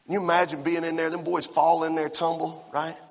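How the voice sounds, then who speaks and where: A man in his forties preaching a lively sermon and talking straight to the congregation in a church hall. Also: fairly high pitch, a little fast, vocal fry. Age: 40s. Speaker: pastor. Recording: long church-hall reverb.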